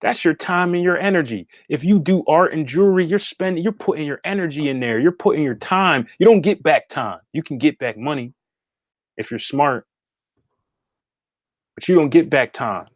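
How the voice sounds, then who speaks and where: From the meditation room in his home, a male spiritual consultant hosts a casual livestream, addressing viewers directly and repeating himself, frequently asking "okay?" His fairly high voice is expressive and moves at a normal speed, captured with studio quality and no room sound.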